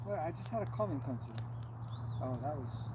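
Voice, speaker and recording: A man with a Canadian West Coast accent chats casually on a livestream, rambling along with plenty of fillers. His voice sits slightly high. Traffic and animal sounds come through clearly behind him. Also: brisk. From Canada, West Coast near Vancouver. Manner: relaxed, rambling, many fillers. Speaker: co-host of a livestream. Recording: noisy background with animals and traffic.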